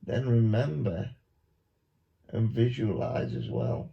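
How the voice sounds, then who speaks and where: A man, a YouTuber, giving a mock hypnosis monologue with slow, repetitive, coaxing instructions. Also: medium pitch, expressive, vocal fry. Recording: dull lo-fi recording.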